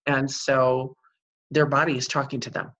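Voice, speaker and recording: A middle-aged woman with a notably low, deep voice speaks in an interview. She explains at length in an earnest, teaching manner and leans often on "you know." Her tone is steady and sincere. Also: moderate pace. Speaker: psychic medium and Reiki practitioner. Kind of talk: interview answers, explaining spiritual healing.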